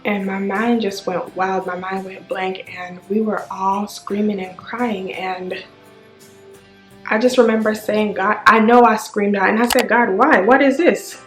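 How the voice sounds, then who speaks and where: A woman's voice: mid-range voice, flat delivery, measured pace. Casting: woman vlogger, raw and emotional storytelling, echoey room, faint music under her. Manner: raw, tearful retelling with sudden rises.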